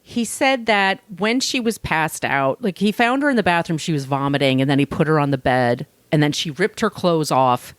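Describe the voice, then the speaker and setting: A woman co-hosting a podcast, telling a true-crime story in casual, animated chat and swearing now and then. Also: sits low, moderate pace, few pauses, no room sound. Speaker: podcast co-host.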